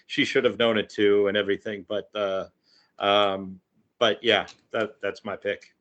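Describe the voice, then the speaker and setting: A man's voice: on the low side, little pitch movement, a little slow, fairly bright tone. A man joining a casual podcast chat who thinks aloud with many "um"s and restarts. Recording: dull lo-fi sound.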